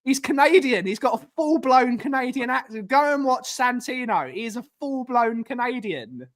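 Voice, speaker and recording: A man's voice: extremely high pitch, lively intonation, normal speed, a bit bright. A man co-hosting a casual livestream chat, enthusiastic and greeting viewers by name. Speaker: livestream co-host.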